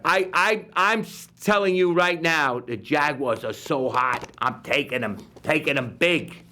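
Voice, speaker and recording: A man with a New York accent hosting a live local-TV football picks show, rambling and jokey with sudden bursts of excitement. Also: on the high side, a little slow, a little hiss or hum. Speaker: TV host. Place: community TV studio.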